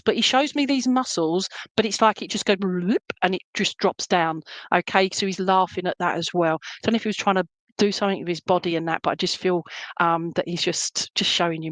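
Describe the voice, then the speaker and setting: A woman giving a live psychic reading, her voice sitting a little low. She talks in a chatty, reassuring way and keeps checking in with her listener. The sound is dry and close, with hardly any room around it. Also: fairly quick, dry recording, low-quality recording. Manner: chatty, relays messages and checks in with "okay?" and "all right?". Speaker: psychic medium.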